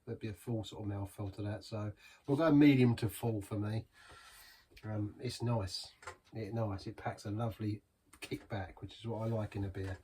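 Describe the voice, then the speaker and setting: A man's voice: on the low side, steady tone, moderate pace, warm tone, recorded from a distance, a little hiss or hum. A man reviewing a beer in a chatty, rambling way, savouring each sip. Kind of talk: casual beer review vlog.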